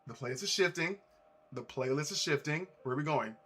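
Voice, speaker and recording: A young man chatting casually with his live-stream viewers while he builds a model, talking to chat in an animated way. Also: fairly high pitch, a little fast, husky. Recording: faint music playlist behind.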